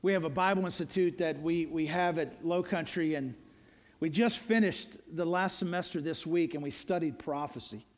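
Preaching at a moderate pace, a pastor speaks in a high, bright voice, earnest and emphatic. He returns again and again to refrains, hammering each point home for his congregation.

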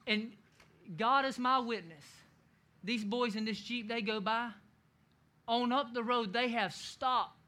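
Animated, bright-voiced male preacher. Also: extremely high pitch, slow. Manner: animated, laughing storyteller who shouts quoted lines. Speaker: pastor. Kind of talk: sermon storytelling.

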